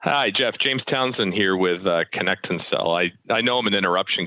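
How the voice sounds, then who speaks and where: A man making a live cold sales call, upbeat and persistent as he pitches. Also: brisk, dry recording. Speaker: sales caller. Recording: tinny phone-like audio, dry.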